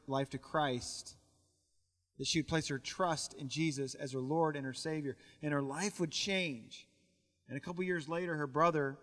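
Male pastor, fairly high voice, storytelling sermon, long church reverb. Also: pushed and bright. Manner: storytelling, repeats words as he goes. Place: church sanctuary.

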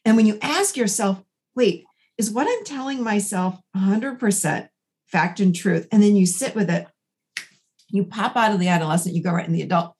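Woman, 40s, therapist guest; animated, conversational storyteller. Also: mid-range voice, normal speed. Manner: animated storyteller acting out dialogue. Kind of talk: conversational podcast interview.

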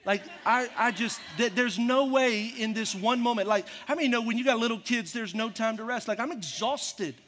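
Middle-aged guy pastor, high voice, preaching and acting out his story, long echoey church hall sound. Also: a little fast, fairly bright tone. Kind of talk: sermon.

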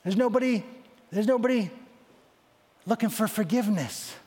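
High-voiced man preaching in a reverberant hall. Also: normal speed, mellow. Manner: dramatic, voicing biblical figures in quotes. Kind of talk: sermon. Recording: long reverb of a large hall.

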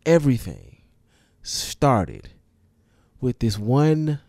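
A man in casual, profane conversation about hip-hop songs, animated and given to building up his points. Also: medium pitch, extremely slow, gravelly, dry recording, studio quality. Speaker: podcast co-host.

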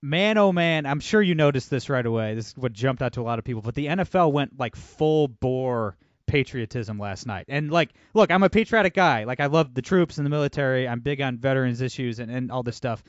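Male podcast host, mid-pitched, loose and rambling delivery, dry close recording. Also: animated, fairly quick, dry recording, lo-fi sound. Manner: loose, rambling, full of fillers. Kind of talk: casual podcast chat and ad read.

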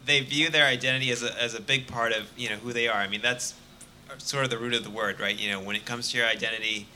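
A man's voice: medium pitch, steady tone, fast talker, pushed and bright, slight background noise. A man, a journalist guest on a live panel, speaking thoughtfully with plenty of fillers. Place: live show stage.

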